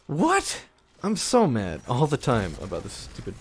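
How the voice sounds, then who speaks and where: A young man streaming a shooter game, grumbling sarcastically at teammates and bursting into frustrated shouts. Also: fairly high pitch, huge pitch swings, unhurried, husky. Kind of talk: live gameplay commentary.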